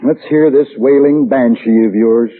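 An actor playing a patient, gently mocking father in a 1940s radio drama, heard on an old tinny broadcast. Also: mid-range voice, moderate pace, breathy edge, lightly acted. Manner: dry and indulgent, gently mocking. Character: patient, teasing middle-aged father.

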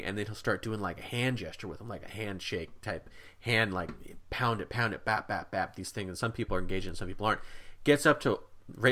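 A man co-hosting a podcast, telling a story in a casual, animated way with many asides. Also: fairly low pitch. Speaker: podcast co-host.

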